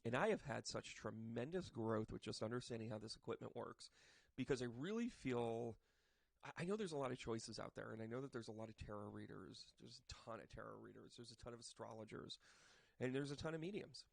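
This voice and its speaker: A man giving a casual tarot reading to camera, chatty and joking, with bursts of loud emphasis. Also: mid-range voice, expressive, fairly quick, vocal fry, dry recording. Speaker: tarot reader and medium. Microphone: microphone.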